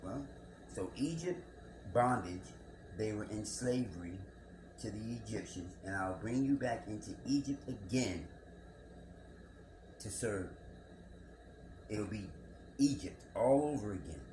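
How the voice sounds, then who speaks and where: Deep-voiced man musing over scripture. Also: expressive, a little slow, pauses often. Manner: musing, rhetorical questions, repeats words. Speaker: scripture commentator. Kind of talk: reflective bible commentary monologue. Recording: echoey room with background noise.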